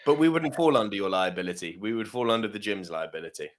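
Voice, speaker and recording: Lively storytelling man. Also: on the low side, fast. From Nigerian background. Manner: animated anecdote telling, acts out quoted exchanges. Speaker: podcast host. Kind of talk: casual chat, storytelling.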